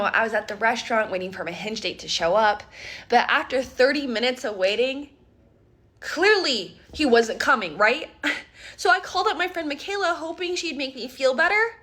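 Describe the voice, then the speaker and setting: A young woman with a fairly high voice tells a comedy story. She is animated and exasperated, with plenty of slang. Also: moderate pace. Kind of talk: storytime sketch.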